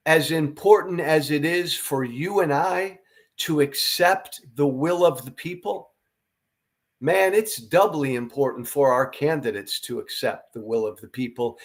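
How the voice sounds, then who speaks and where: A tired middle-aged man hosting a political commentary monologue, earnest, emphatic and blunt, with occasional profanity. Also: a little high. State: tired from no sleep. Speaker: podcast host.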